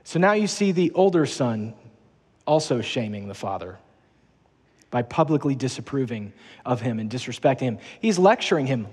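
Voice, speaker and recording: A man's voice: medium pitch, sing-song, normal speed, a little mellow, breathy edge, big-room sound. A man preaching a sermon as pastor in a large church auditorium, earnest and emphatic, repeating his key phrases.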